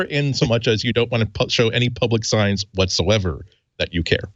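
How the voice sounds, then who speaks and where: A man's voice: on the low side, a little fast, a bit bright, no echo, lo-fi sound. A man chatting as a panelist on a tech show, musing in a wry, rambling way. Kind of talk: casual tech chat.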